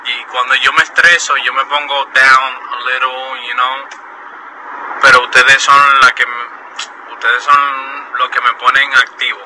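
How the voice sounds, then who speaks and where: A man's voice: mid-range voice, flat delivery, moderate pace, background noise. A tired young man chatting to fans on a phone livestream while driving, effusive and repeating himself, mixing English and Spanish. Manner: switches between English and Spanish mid-sentence. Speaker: livestreaming artist. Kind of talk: casual livestream talk to fans.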